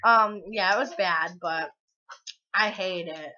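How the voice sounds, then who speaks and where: A woman's voice: medium pitch, expressive, a little slow, pushed and bright. A young woman in her twenties chatting casually to the camera in a rambling, forgetful way, full of fillers. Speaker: vlogger. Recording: dull lo-fi home video sound.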